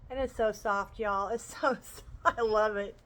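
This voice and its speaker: Gushing woman, bright voice. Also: medium pitch, steady tone, moderate pace, low-quality recording. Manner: gushing, chatty and enthusiastic. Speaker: crochet vlogger. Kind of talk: casual show-and-tell chat.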